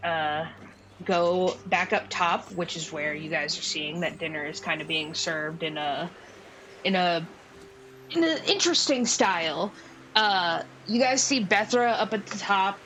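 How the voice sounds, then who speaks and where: A woman narrating a tabletop game as game master, unhurried, with many fillers and restarts. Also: fairly low pitch, expressive, fairly bright tone, a little hiss or hum, rough recording.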